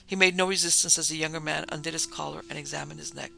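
A man narrating a dark story in a measured, grave manner. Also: a little high, steady tone, vocal fry, soft background music, rough recording.

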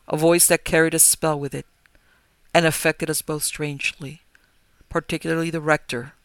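A man narrating a gothic horror story in a measured, grave manner. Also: fairly high pitch, gravelly, no room sound. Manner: measured, grave, rising to forceful cries. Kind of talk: dramatic gothic story reading.

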